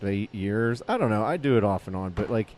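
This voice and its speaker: A man's voice: on the low side, lively intonation, a little fast, a little mellow. A man in his late twenties, a comedian guest, telling a long story in a rambling, profane way with many fillers and restarts. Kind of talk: casual storytelling interview.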